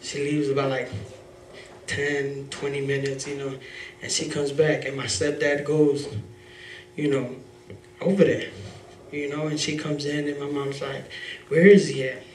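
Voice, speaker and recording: A man's voice: medium pitch, monotone, unhurried, pauses often, slight background noise. A man telling a raw, emotional personal story at a live story slam, rambling, swearing and filling gaps with "you know". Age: adult father. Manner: rambling, heavy on "you know" fillers, profane. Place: live event venue. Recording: roomy hall from a distance.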